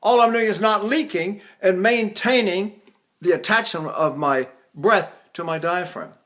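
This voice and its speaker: A man in his eighties teaching vocal technique, explaining in an easy conversational way and breaking into falsetto vocalises and sung vowels. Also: a little slow, fairly bright tone. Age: 80s.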